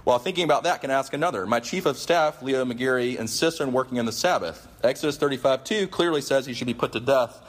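A man's voice: medium pitch, quick pace, hardly any pauses, voice pushed up, natural voice. A man reading out a sarcastic, indignant male president who mocks and rants in a raised voice during a sermon. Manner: mocking, raised voice, building tirade.

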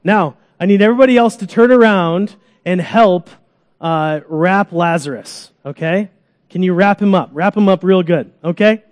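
A man preaching a sermon to a congregation in a church, animated, acting out groans and cries, coaxing children up for an illustration. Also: high-pitched, moderate pace, in a large hall. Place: church sanctuary.

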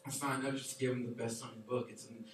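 A man, giving a relaxed, conversational sermon full of fillers and hedges as a youth pastor. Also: medium pitch, very fast, a little hiss or hum. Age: 20s. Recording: very echoey hall, voice picked up from far away.

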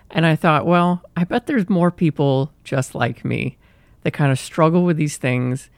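Young man, podcast host, gravelly voice, dry close sound, chatty self-deprecating talk. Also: a little high, dry recording. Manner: chatty and self-deprecating, acts out his inner voice. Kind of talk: casual solo podcast monologue.

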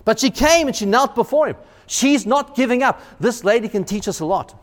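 A male pastor preaching a sermon in a church, animated, often repeating words and acting out quotes. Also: very high voice, fairly quick, big-room sound.

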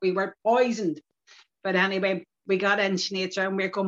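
An older Northern Irish woman, a community activist, tells lively stories from her past in a relaxed interview, using local turns of phrase. Her voice is medium-pitched and her pace normal. The reflective storytelling comes through a dull lo-fi podcast recording.

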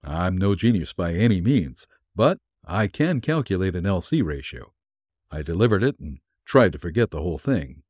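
A man with a very low, husky voice narrates a vintage pulp story in a wry, hard-boiled first person. His delivery is lively and full of pitch movement, and the sound is close and dry. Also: normal speed, dry recording.

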